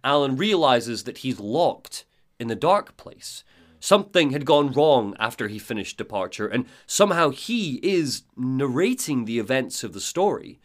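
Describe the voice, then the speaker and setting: Animated man recapping game lore. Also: mid-range voice, a little slow. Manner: animated storytelling, reading quotes in voices. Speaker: podcast host. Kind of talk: casual lore recap podcast.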